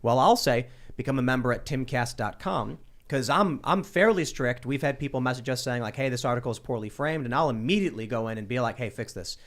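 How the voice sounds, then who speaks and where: A man's voice: medium pitch, fast, few pauses. A man hosting a casual talk show, reading viewer comments aloud with hesitant fillers. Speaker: show host.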